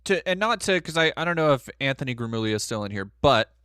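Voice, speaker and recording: A man's voice: medium pitch, fast talker, clear, resonant tone, dry recording, clean studio sound. A man hosting a live stream, ranting casually with lots of swearing. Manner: profane, animated, ranting. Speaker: streamer host.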